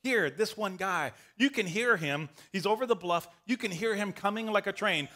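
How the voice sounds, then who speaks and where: Male pastor, sermon delivery, bright forceful tone, slightly high voice, animated storytelling. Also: moderate pace. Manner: animated, acts out the story with shouts.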